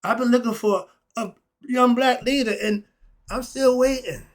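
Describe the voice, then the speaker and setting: A middle-aged man, giving a blunt, ranting opinion monologue that swings between muttering and loud outbursts. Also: very high-pitched, a little slow. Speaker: commentary vlogger.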